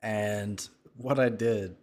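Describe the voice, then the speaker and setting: A man's voice: lowish voice, fairly even intonation, very slow, darkish tone. A man giving sarcastic, mocking reaction commentary on a clip he is playing. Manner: mocking, dry remarks.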